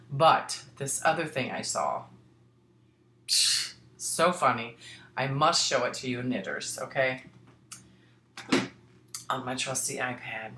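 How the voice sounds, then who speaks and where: A chatty middle-aged woman from Missouri hosts her crafting podcast, wandering from one point to the next and restarting her sentences. Her voice sits low, and the echoey room gives it a hollow ring. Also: a bit bright. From Missouri, United States. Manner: chatty, rambling, with frequent restarts. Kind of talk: casual chat.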